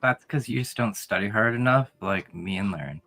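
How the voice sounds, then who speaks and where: A man taking part in a tabletop role-play, casual and reasoning out loud. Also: on the low side, brisk. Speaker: player.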